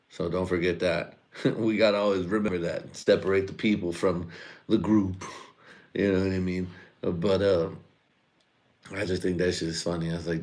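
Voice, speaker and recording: A man's voice: low voice, a little mellow. A man rambling through a profane live-stream comedy monologue, slipping into mock voices and laughing at his own jokes.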